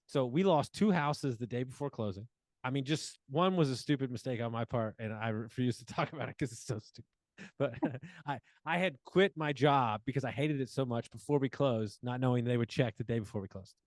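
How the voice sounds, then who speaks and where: A man's voice: mid-range voice, fairly quick, no echo. Storytelling man, dry close sound. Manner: animated storyteller acting out quoted dialogue, many fillers. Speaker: podcast guest. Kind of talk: casual storytelling interview.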